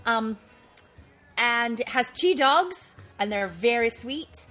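A woman's voice: on the high side, animated, takes it slowly, sharp tone, soft background music, exaggerated voice. A woman voicing a lost, childlike young girl who rambles politely and eagerly asks for help. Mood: chatty.

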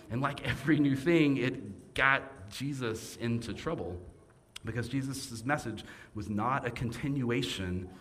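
A man's voice: medium pitch, a little hiss or hum. A man preaching a sermon with playful, jokey asides and shifting emphasis.

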